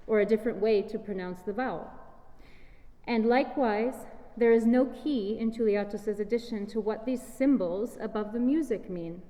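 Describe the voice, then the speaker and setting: A woman giving a measured, explanatory talk as a singer presenting chant, recorded in a large hall. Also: medium pitch, mellow. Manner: measured, explanatory, sings short chant fragments. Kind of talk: scripted lecture-recital talk. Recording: reverberant hall.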